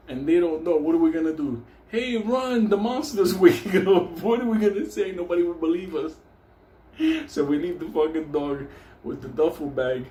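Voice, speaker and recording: Man, casual storyteller, profane, laughing, mellow dark voice, roomy echo. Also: fairly high pitch, a little hiss or hum. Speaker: host.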